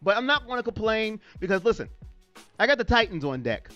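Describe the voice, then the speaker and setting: Higher pitched guy doing a live stream, chatting to viewers and reading the chat, faint music behind. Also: fairly quick, dull audio. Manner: animated, talks straight to viewers and reads chat messages aloud. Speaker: host of a fan live stream.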